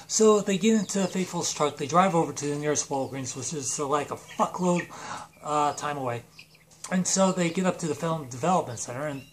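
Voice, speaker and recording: A man's voice: on the high side, expressive, a little fast, slight background noise. A man casually telling a comedic made-up story, rambling with fillers and swearing.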